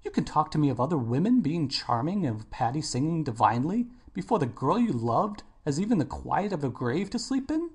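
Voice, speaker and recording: Earnest older male painter, a male reader's character voice, husky, lively pitch, pleading and reproachful. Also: a little fast, few pauses, exaggerated voice. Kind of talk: audiobook character voice.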